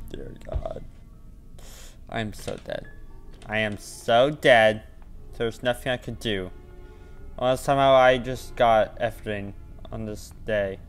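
A man commentating his own horror game playthrough, muttering to himself between sudden panicked shouts. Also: medium pitch. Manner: mutters to himself, then yelps and shouts when scared. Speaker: gaming channel host.

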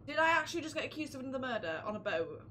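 A young woman giving excitable, exclamatory let's-play commentary as a streamer. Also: sits high, racing, a little hiss or hum. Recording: game music behind.

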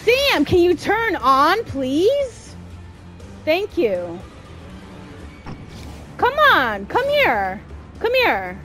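A woman's voice: extremely high pitch, sing-song, very slow, long pauses, fairly bright tone, soft background music. A woman streaming gameplay, talking back to the game in casual slang, exasperated and swearing as she plays. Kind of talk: live gameplay commentary.

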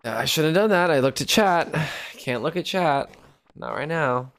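A man with a gravelly voice streaming a farming game, chatting loosely with viewers. He cracks jokes, swears freely and talks through every move as he figures things out. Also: a little high, animated, moderate pace. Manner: jokey, swears often, thinks out loud. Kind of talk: casual Let's Play commentary.

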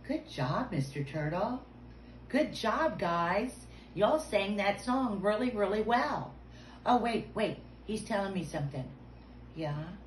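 Woman preschool teacher, unhurried and playful, slipping into hushed whispers; echoey room recording. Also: mid-range voice. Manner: playful and animated, dropping to hushed whispers for suspense. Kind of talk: video lesson for young children. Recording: roomy sound with faint background noise.

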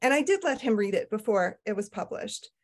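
A middle-aged woman speaks in an author interview with a candid, self-deprecating manner. Her pitch sits in the middle of the range. She often breaks off and restarts her sentences. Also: expressive, brisk. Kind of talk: casual conversation.

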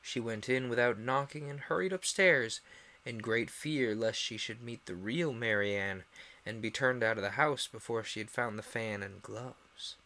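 A young man reads a storybook aloud on a live stream. He narrates expressively in a middle-pitched voice and slips into character voices. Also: moderate pace, bright, forceful tone.

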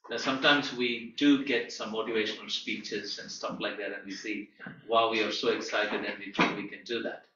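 Earnest bright-voiced man teaching in an echoey room. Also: lowish voice, little pitch movement, slight background noise. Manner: earnest storyteller, halting with pauses. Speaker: guest teacher at a Bible school. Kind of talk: lecture with personal testimony. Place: lecture room. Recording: echoey room, distant dull mic.

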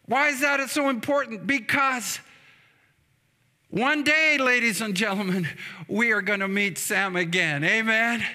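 Pastor, man, high ringing voice, slow deliberate preaching, calls for amens, long church echo. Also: bright, forceful tone. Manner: storytelling preacher, prompting amens. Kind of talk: funeral sermon. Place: church sanctuary. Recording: long church hall reverb.

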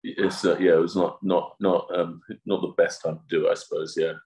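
A rugby prop on a podcast, chatting casually in a relaxed, hesitant way with lots of fillers. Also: male voice, deep voice, a little fast, breathy edge.

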